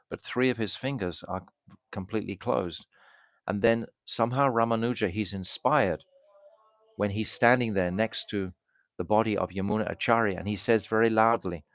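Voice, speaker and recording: A man giving a storytelling sermon as a swami, pausing and restarting as he talks. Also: on the low side, dry recording. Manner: halting, with restarts and fillers. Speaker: swami giving a spiritual talk.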